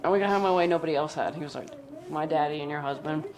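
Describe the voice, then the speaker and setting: A woman's voice: sits low, very fast, a crowd in the background. Chatty young woman, emphatic and candid. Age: 20s. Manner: emphatic, chatty, full of "like" fillers. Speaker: interviewee. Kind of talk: candid documentary interview.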